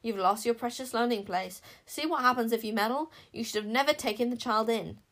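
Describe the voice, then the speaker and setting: A woman reading an audiobook, voicing a furious, proud warrior queen who shouts and scolds. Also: a little high, brisk, close to an everyday voice. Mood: scornful. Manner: shouting, scornful. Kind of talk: audiobook character voice.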